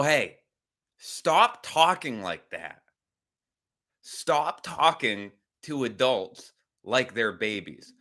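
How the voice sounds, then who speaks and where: A man's voice: mid-range voice, sharp tone. A man hosting a podcast livestream, rambling casually with some swearing and reacting to chat comments. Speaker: podcast host.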